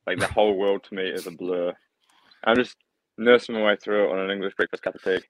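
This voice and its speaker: A man's voice: sits low, steady tone, fast, no echo. A man with a New Zealand accent, groggy after a nap, telling stories in a laid-back way on a casual podcast. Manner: laid-back storytelling, laughs often. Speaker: pro cyclist and co-host.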